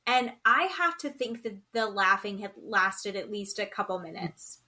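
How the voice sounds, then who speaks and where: A woman's voice: medium pitch, lively intonation, normal speed, bright, forceful tone. A woman co-hosting a casual podcast, giving exasperated, emphatic opinions on a reality show. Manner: opinionated and exasperated, speaks in emphatic repeated phrases. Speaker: podcast co-host.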